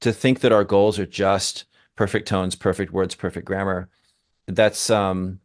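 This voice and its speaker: Emphatic, lower-voiced man in podcast discussion. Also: level tone, a little slow. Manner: emphatic and engaged, thinks aloud with restarts. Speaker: co-host, language teacher.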